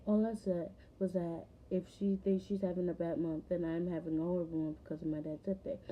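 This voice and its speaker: A woman with a fairly low voice rambles through a personal story, piling on fillers as she goes. The audio is muffled and lo-fi, with the top end dulled. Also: flat delivery, brisk, slight background noise. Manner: rambling, filler-heavy retelling. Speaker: vlogger. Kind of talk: casual storytelling vlog.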